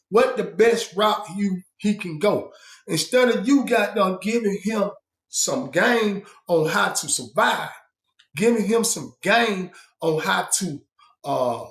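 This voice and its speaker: A man with a slightly high voice tells a story in a loose, casual way. His speech is blunt and salted with curses and fillers, and he shifts his voice when he acts out other people. The room gives the recording a noticeable echo. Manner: blunt, profane street talk with lots of fillers; shifts pitch and loudness to act out quoted people. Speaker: storyteller recounting his prison time. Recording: roomy echo.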